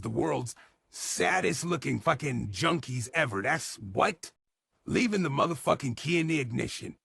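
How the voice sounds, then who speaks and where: A man with a heavily gravelly, slightly husky voice pitched a touch above the usual delivers exasperated, profanity-packed comedic commentary. He sounds dry and close, with no room around him. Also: a bit bright, no room sound. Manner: exasperated, swearing nonstop at the character. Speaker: show commentator.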